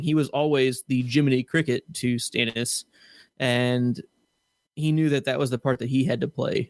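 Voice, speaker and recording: A man's voice: medium pitch, dry recording, studio quality. A man hosting a casual podcast panel, moving the discussion along in an upbeat, jokey way. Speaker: podcast host leading the discussion.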